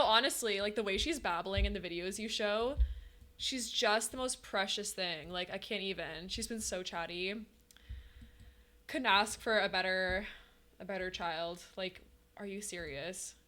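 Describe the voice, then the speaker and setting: A chatty woman streaming a game, talking casually to her viewers and replying to chat as she goes. Her voice is bright and clear, and she laughs often. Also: mid-range voice.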